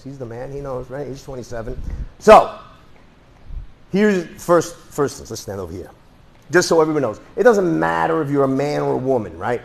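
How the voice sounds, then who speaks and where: A man teaching a self-defense class in a casual, rambling way, with sarcastic asides. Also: medium pitch. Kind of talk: casual live class talk.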